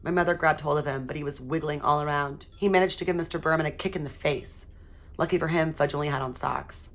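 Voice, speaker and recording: A woman teacher reading a children's chapter book aloud in a steady, expressive way. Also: deep voice, fast talker.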